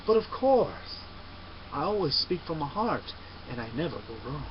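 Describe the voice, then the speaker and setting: A man voicing a calm, wise young male monk who speaks softly and in a measured way, on a dull recording with faint hiss. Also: fairly high pitch. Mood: calm, serene. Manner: soft, quiet, measured.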